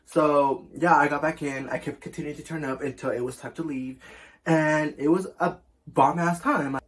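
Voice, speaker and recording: A man's voice: fairly high pitch, fairly even intonation, moderate pace. A young man telling a casual storytime as a vlogger, chatty and full of fillers, swearing often.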